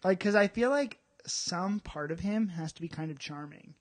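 A man co-hosting a casual podcast chat, talking in an animated way with quick asides. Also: sits high. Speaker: podcast co-host.

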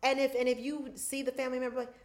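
A woman with a fairly high voice co-hosts a relaxed chat. She teases her co-host and slips into playful bits, but stays conversational. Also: fast. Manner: playful, teasing banter. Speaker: podcast co-host. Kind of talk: casual chat.

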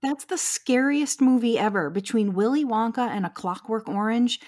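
A woman co-hosting a podcast in casual chat, reacting often with quick exclamations. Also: fairly high pitch, a little mellow. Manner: reactive, exclamatory, laughs along. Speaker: podcast co-host.

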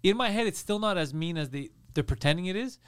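Fast-talking high-voiced man telling a story. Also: clear, resonant tone, no room sound, studio quality. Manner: fast, animated storytelling with loud bursts. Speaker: podcast host. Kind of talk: casual storytelling chat.

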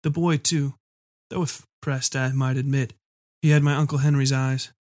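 A man narrating a first-person story in a measured, dark storytelling manner. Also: mid-range voice, little pitch movement, no room sound, studio quality. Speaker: audiobook reader.

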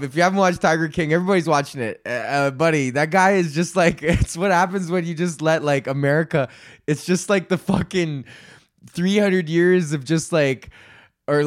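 A man hosting a comedy podcast in a rambling, profane rant. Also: fairly high pitch. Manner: rambling, profane, full of fillers and laughs. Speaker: podcast host.

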